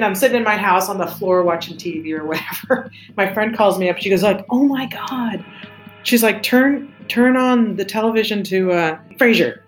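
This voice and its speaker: A woman telling stories as an interview guest, chatty and rambling, with lots of fillers and restarts. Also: mid-range voice. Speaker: design studio co-founder, interview guest. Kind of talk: casual storytelling interview. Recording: roomy echo with faint music.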